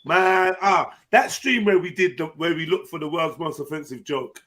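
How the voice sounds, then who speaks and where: A man's voice: fairly high pitch, moderate pace, fairly bright tone. A man hosting a live stream panel in casual chat, laid-back, laughing easily and using street slang. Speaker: stream host.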